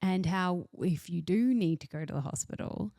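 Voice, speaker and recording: Low, gravelly, mellow-voiced podcast host. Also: female voice, moderate pace, no room sound. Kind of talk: casual interview chat.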